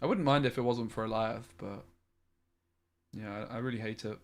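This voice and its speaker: A man's voice: fairly low pitch, moderate pace. A man streaming a card game, thinking aloud in a frustrated way and swearing often. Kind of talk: live-streamed gameplay commentary.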